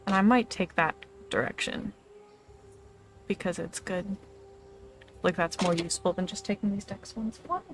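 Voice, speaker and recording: A woman's voice: on the low side, fairly even intonation, normal speed, pauses often, music in the background. A woman streamer chatting casually as she plays a game and talks to her pet between moves. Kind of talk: casual gameplay commentary.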